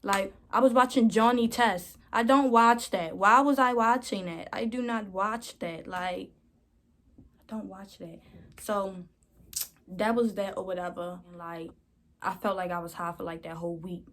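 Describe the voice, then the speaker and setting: A woman's voice: mid-range voice, unhurried, a bit bright. A young woman vlogger telling a storytime in a rambling, slangy way, often calling her viewers y'all. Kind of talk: casual storytime.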